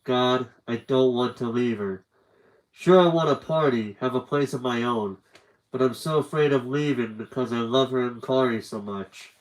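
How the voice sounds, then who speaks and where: A man reading aloud the words of a frightened teenage boy writing a farewell letter, in a slow, halting, tender way. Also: medium pitch, natural voice, poor audio. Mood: scared, tender.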